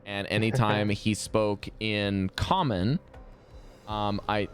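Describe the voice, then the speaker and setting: A man who runs the tabletop game, chatting casually about characters and telling animated, profane stories. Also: on the low side, slow pace, few pauses, faint music behind. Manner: animated, swearing, laughing storyteller. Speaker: game master. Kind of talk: casual chat between game sessions.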